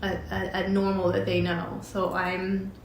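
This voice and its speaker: A woman's voice: medium pitch, monotone, a little slow, vocal fry, a little hiss or hum. A woman casually telling a personal story, chatty and often laughing as she recounts conversations. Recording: roomy echo with faint ambience.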